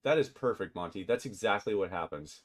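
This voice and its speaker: A man's voice: on the low side, lively intonation, a little fast, a little hiss or hum. A man running a tabletop game as game master, chatty and often laughing as he narrates.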